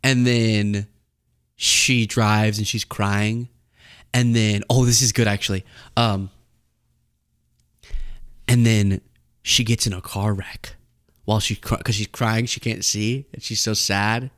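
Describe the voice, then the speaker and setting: A young man hosts a casual commentary podcast, rambling as he improvises a comic bit. His voice is smooth and clear, recorded close on a dry mic, and his pitch jumps around as he riffs. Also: level tone, slow, long pauses, fairly bright tone, no room sound. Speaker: host.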